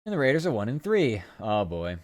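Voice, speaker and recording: A man's voice: mid-range voice, big pitch swings, a little fast, a little mellow, no echo, clean studio sound. A man streaming, chatting casually and rambling loosely, with the odd swear word. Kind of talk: casual live-stream chat.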